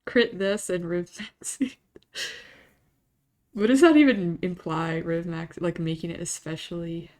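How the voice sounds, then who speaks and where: A woman's voice: on the low side, measured pace, a little mellow. A woman streamer chatting casually to her live audience, rambling, emotional and often laughing, restarting her thoughts.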